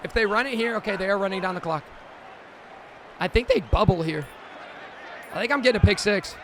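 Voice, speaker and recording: A man streaming a video game, giving excited play-by-play commentary and exclaiming loudly at big moments. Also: high-pitched, a little fast, noisy background. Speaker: gaming streamer.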